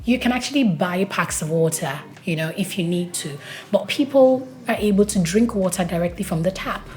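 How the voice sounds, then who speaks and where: A woman's voice: lowish voice, lively intonation, normal speed, a little mellow. A young woman from Nigeria talking casually to camera in a vlog, telling stories and acting out what people said. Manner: chatty storytelling that acts out quoted dialogue. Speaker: vlogger.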